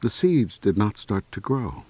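Slow, husky man reading a children's story. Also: fairly low pitch, dry recording. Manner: slow, clear, expressive reading aloud.

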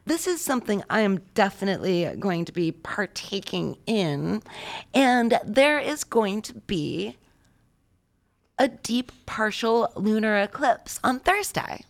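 A woman's voice: medium pitch, expressive, slow pace, creaky. Woman, show host, casual banter, wry and playful. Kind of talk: casual chat.

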